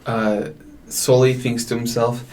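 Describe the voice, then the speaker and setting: A man playing a tabletop game in a game store, slow and halting as he describes his character. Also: mid-range voice, little pitch movement, darkish tone. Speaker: player.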